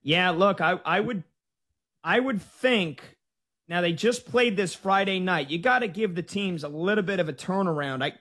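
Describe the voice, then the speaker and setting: A high-pitched man is hosting a live sports talk show. He rattles off scores and game times with excited energy, thinking out loud as he goes. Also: moderate pace. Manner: excited, rambling updates on scores.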